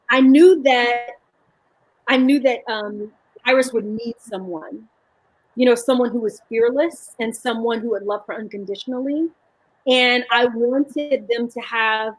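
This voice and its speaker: A woman's voice: a little high, poor audio. A woman author telling stories with animation and many restarts in a live video chat. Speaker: author guest.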